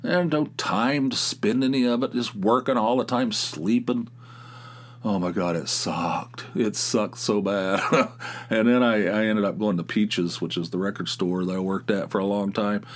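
A man's voice: lowish voice, fairly even intonation, normal speed. A middle-aged man hosting a podcast, telling a story in a rambling, exasperated way, with many restarts, laughing at his own tale. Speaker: podcast host. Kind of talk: casual monologue storytelling.

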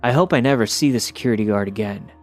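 A man reading a listener's story aloud in the first person, in steady scripted narration. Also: fairly low pitch, quick pace, faint music behind.

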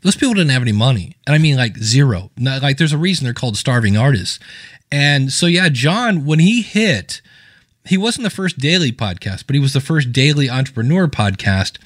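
A man's voice: medium pitch, very animated, normal speed, no room sound, studio quality. A man, a guest on a podcast interview, chatting casually and telling anecdotes in which he acts out what other people said. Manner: storytelling, acting out quoted people in anecdotes.

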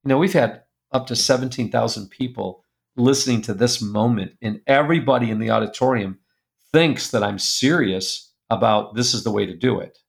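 A middle-aged man telling a personal story as a guest, earnest and confessional, going soft and quiet at the painful parts. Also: mid-range voice, moderate pace, creaky. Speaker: guest speaker.

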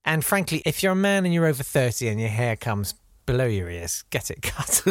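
A man co-hosting a comedy podcast, riffing in a wry, deadpan way. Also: medium pitch, dry recording, studio quality. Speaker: podcast co-host. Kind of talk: casual comedic chat.

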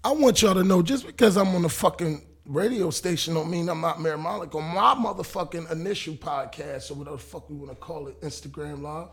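A man tells his story with loud, profane energy, jumping into the voices of everyone involved. His voice sits a touch high and is husky and breathy. He sounds like a guest holding the floor on a casual podcast. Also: fairly quick, hardly any pauses. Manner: animated, profane, acts out quotes.

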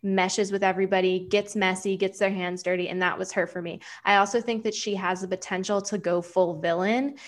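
A woman's voice: mid-range voice, steady tone, a little fast, few pauses. A woman co-hosting a podcast, giving wry, self-deprecating analysis of reality TV. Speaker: podcast co-host. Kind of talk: casual chat recapping reality TV.

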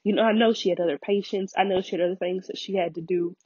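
A woman, hosting a podcast and telling a personal story in an animated way, acting out quoted voices and getting emotional. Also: fast, breathy edge, dry recording, lo-fi sound. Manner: animated storyteller, acts out quoted voices with big pitch jumps, laughs often. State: emotional, near tears at times. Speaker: podcast host.

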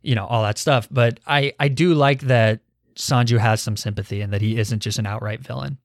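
A man's voice: medium pitch, steady tone, normal speed, no echo, clean studio sound. A young man hosting a casual film review podcast, leading the talk and asking his co-hosts questions, candid and swearing now and then. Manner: leads the discussion, poses questions. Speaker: podcast host.

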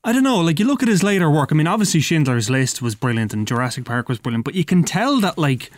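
A man's voice: on the high side, big pitch swings, fast talker. A man hosting a casual chat, thinking aloud, hesitant and full of fillers. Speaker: host.

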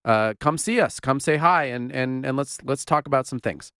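A man's voice: medium pitch, normal speed, a bit bright, clean tone, dry recording. Wry podcast co-host man, dry sound. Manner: wry, dry-humored banter. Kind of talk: casual podcast chat.

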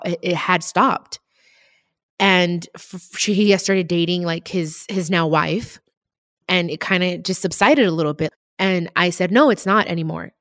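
Woman, personal storytelling, emotional and candid, lowish voice, dry. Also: no echo. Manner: candid, emotional, acts out remembered dialogue. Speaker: podcast guest telling her life story.

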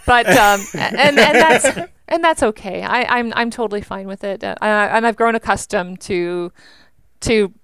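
A young woman, a veteran, chatting in an interview with an animated, talkative manner full of "like". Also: mid-range voice, a little slow, clean tone. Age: young adult. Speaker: veteran guest. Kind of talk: interview conversation.

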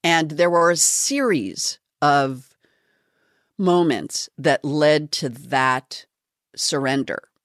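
A woman hosting a podcast, talking in an earnest, halting and openly confessional way. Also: low voice, no echo, clean studio sound. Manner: earnest, halting, self-revealing. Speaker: podcast host.

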